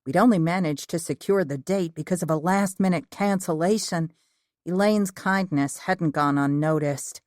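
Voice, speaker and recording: Lower-voiced woman narrating an audiobook. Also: normal speed, a little mellow, no room sound, studio quality. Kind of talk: first-person audiobook narration.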